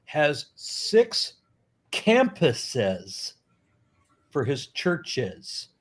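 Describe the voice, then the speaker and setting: A middle-aged American man talking casually as a guest, blunt and profane, animated, with frequent restarts. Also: fairly high pitch, very slow. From United States. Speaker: YouTuber and guest. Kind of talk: casual conversation.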